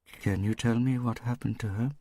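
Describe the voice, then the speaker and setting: A man voicing a tired middle-aged American nun who speaks softly and carefully. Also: medium pitch, fairly even intonation, moderate pace, pitched above the performer's own voice, lightly acted.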